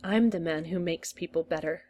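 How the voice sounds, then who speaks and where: A woman's voice: on the low side, moderate pace, darkish tone, a little hiss or hum, natural voice. The Doctor, read by a woman, mumbling and sulky. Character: gloomy, sulking male Time Lord. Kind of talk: reading a story aloud.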